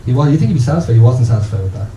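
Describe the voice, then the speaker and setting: A man's voice: mid-range voice, animated, racing, mellow, echoey room, a little hiss or hum, rough recording. An Irish man in his thirties doing a rambling, self-interrupting stand-up comedy set in a small bar venue. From Ireland.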